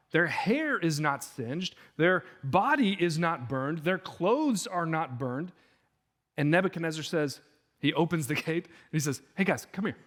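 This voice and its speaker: A male pastor preaching a sermon, telling the story with animated delivery and acting out the quoted speech. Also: high-pitched.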